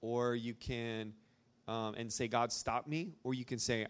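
A man's voice: medium pitch, level tone, normal speed. Man, young adult, from Arkansas, informal church talk, chatty, filler-heavy. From Arkansas, USA. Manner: chatty, rambling storytelling with many fillers. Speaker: speaker at a church gathering. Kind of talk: informal talk to a live audience.

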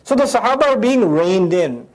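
A man teaching a Quran passage, reciting Arabic verses and translating them, animated as he acts out the voices in the text. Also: high voice, normal speed. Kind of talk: Quran lecture.

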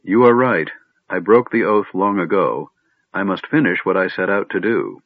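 A man doing a soft, sad elf woman, lifted a little in pitch and husky at the edges. The audio is dry and phone-like. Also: expressive, moderate pace, no room sound. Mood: soft, sorrowful. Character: gentle sorrowful young elf woman.

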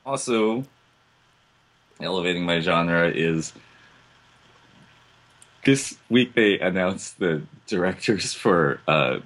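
A man's voice: low-pitched, animated, slow pace, long pauses, a bit bright. A man co-hosting a podcast, speaking dryly and hesitantly with many uhs. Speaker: podcast co-host. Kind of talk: casual podcast chat.

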